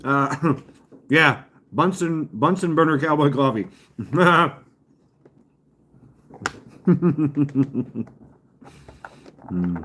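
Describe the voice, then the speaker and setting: A man's voice: fairly high pitch, animated, drawn-out words, long pauses, a bit bright, slight background noise. A man casually chatting and rambling with live viewers as a stream host, often chuckling. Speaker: livestream host. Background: fireworks popping outside.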